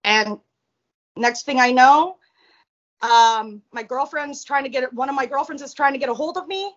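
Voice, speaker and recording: A woman guest in a casual interview, telling a personal story in a blunt, profane, animated way. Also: sits high, normal speed, muffled recording.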